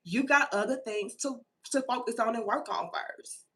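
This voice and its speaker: Woman voicing a stern commanding spirit, blunt warnings, bright tone. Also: on the high side, lively intonation, normal speed.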